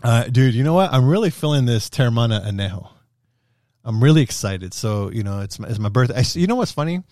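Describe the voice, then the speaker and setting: A man's voice: mid-range voice, animated, fast, darkish tone, no echo, clean studio sound. Laid-back swearing podcast host, man. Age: 30s. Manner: laid-back, swears a lot, laughs often. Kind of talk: casual chat.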